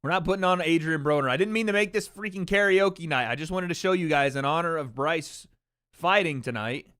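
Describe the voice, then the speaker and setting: A man's voice: fairly high pitch, brisk, a bit bright, clear, resonant tone, no room sound, studio quality. A man hosting a livestream watch party in casual chat, brash and opinionated, swearing freely.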